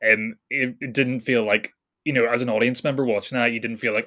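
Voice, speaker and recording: A man's voice: mid-range voice, fairly even intonation, fairly quick, bright, forceful tone. A man co-hosting a podcast, chatting casually about a film with a laugh here and there. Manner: chatty, laughs between points. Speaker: podcast co-host. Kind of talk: casual film review chat.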